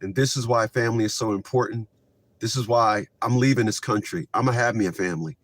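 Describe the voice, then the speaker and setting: A man hosting a commentary show, reacting to clips in a casual, animated rant. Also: fairly low pitch, brisk, no room sound. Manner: animated, rising to shouts when worked up.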